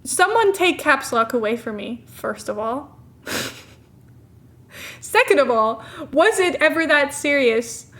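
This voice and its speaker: A woman's voice: high-pitched, very animated, takes it slowly, pauses often, a bit bright. A young woman streamer chatting casually, giggling often and poking fun at herself. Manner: giggly, self-mocking, chatty. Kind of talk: casual live-stream commentary.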